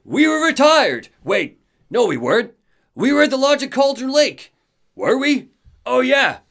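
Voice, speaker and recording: A man doing befuddled old rockers, high and loud. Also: sing-song, unhurried, vocal fry, full character voice. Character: confused older male rock musicians.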